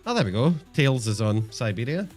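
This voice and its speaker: A man's voice: mid-range voice, sing-song, brisk, soft background music. A man streaming a game, chatting casually and self-mockingly to viewers, swearing often. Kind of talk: casual live-stream chat.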